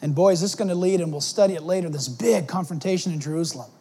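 A man's voice: high-pitched, quick pace, dark tone, breathy edge. A male pastor preaching an expository sermon, emphatic and full of rhetorical questions.

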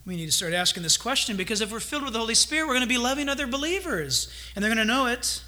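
Bright-voiced, high-pitched preacher man. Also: very fast. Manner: animated, acts out little quoted exchanges. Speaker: pastor. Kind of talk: sermon.

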